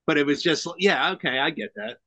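A man's voice: fairly high pitch, fairly quick, creaky, no room sound. A middle-aged man chatting as a podcast guest, animatedly acting out the lines of people in his stories. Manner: animated storyteller who acts out quoted lines. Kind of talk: casual conversation.

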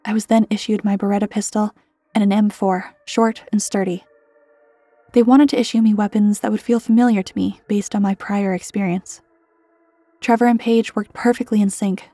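A woman narrating a scripted horror story in a measured, even way. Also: medium pitch, no echo.

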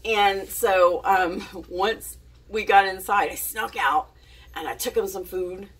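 A woman's voice: mid-range voice, slow pace, fairly bright tone, breathy edge, far from the mic. A woman telling a casual story to her camera, chatty and giggly, with plenty of fillers and restarts. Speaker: vlogger.

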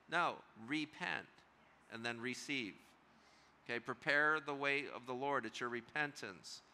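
Pastor guy teaching bible study, super bright voice, clean and clear, keeps asking the room stuff and slows down to hit the big words. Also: fairly high pitch. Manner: questions the room, slows to stress key words. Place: church room with a seated group.

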